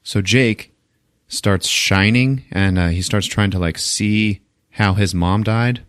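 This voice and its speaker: A man's voice: fairly low pitch, takes it slowly, clean tone, dry recording, clean studio sound. A man hosting a podcast, recapping a movie in a laid-back, swearing, laughing way. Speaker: podcast host.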